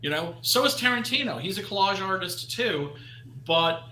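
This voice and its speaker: A man's voice: sits high, animated, normal speed, pushed and bright. A man co-hosting a casual movie podcast, talking hesitantly with many fillers. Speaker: podcast co-host. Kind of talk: casual chat. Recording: echoey room, faint noise.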